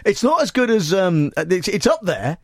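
A man's voice: high voice, big pitch swings, dry recording. A man in a radio studio, a presenter bantering casually in a teasing, jokey way. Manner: teasing, jokey, quick to laugh.

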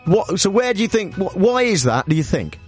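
Radio host, man, slightly high voice, rambling and full of fillers, faint music behind. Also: big pitch swings, fairly quick, a little mellow. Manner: rambling, hesitant. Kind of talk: radio chat show.

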